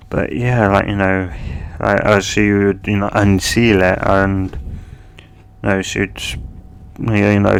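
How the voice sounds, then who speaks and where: A man's voice: lowish voice, flat delivery, slow, vocal fry, smooth. A man improvising a fan-fiction story, rambling and hesitant, full of fillers and restarts.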